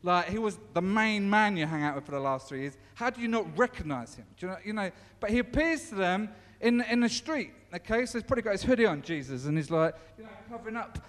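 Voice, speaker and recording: High-voiced preacher in an echoing hall. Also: male voice, expressive, fast, few pauses, a bit bright. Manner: conversational storytelling with many restarts. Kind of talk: informal sermon. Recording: long echoing reverb.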